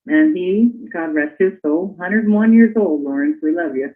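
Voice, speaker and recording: A woman's voice: on the low side, lively intonation, moderate pace. A woman hosting a casual interview, enthusiastic and asking about the old days. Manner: enthusiastic, reads a quote aloud then asks. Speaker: host. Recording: tinny phone-like line.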